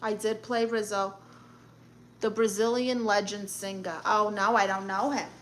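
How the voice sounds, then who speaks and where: A woman's voice: mid-range voice, fairly even intonation, a little slow, a bit bright, a little hiss or hum. A woman hosting a casual live stream, reading viewer comments aloud and answering with blunt, sassy comebacks. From Puerto Rican and Guatemalan family.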